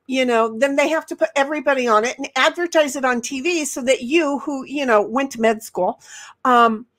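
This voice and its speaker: A woman's voice: high voice, a bit bright. A woman hosting a casual livestream chat, rambling as she reads viewers' messages aloud. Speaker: livestream host reading chat.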